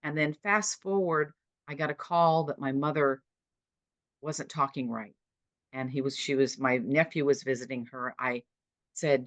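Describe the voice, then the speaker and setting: A woman's voice: rumbling low, fairly even intonation, unhurried, no room sound. A woman in her sixties, a podcast guest, retelling her own caregiving story in vivid, dramatic short sentences. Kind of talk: personal storytelling.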